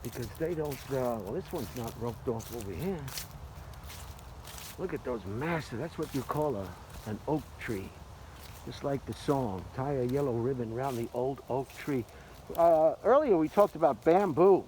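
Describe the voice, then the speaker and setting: A man's voice: medium pitch, expressive, normal speed, noisy background. An older retired man rambling and joking as he films a casual walking vlog outdoors. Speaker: vlogger. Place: outdoors in an arboretum.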